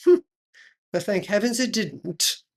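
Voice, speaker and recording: A woman's voice: mid-range voice, slow, slight background noise. A woman playing a pompous aristocratic lady who hosts a chat show, affected and drawling, dropping French phrases. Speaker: host.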